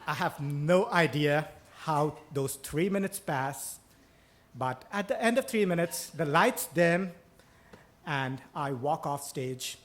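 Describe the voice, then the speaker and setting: A man's voice: fairly high pitch, animated, slow, fairly bright tone. A man telling a true story on stage before a live audience, wry and self-mocking, swearing casually as he talks into a stage microphone. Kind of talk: live first-person storytelling.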